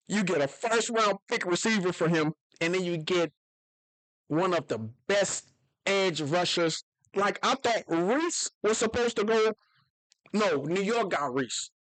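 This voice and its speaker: Man, young adult, solo sports commentary, rambling, excitable, fairly high voice, dry close sound. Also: dry recording, rough recording. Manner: rambling, self-interrupting, excitable with sudden high outbursts. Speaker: football channel host.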